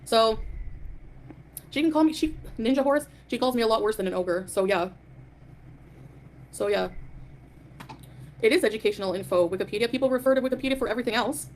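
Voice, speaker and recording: A woman's voice: a little high, brisk, pauses often, slight background noise. A woman hosting a live stream, ranting in a defiant, dismissive way and greeting chat viewers. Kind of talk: casual live stream rant.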